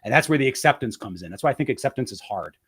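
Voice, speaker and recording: Man, podcast guest, mid-pitched voice, reflective, candid, searching, restarts often. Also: animated, racing, fairly bright tone, husky. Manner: reflective, searching, frequent restarts and repeated words. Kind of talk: candid interview conversation.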